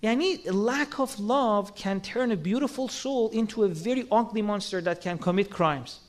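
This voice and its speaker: A man's voice: sits high, moderate pace. A man giving an earnest sermon, asking rhetorical questions and acting out quoted lines. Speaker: religious speaker.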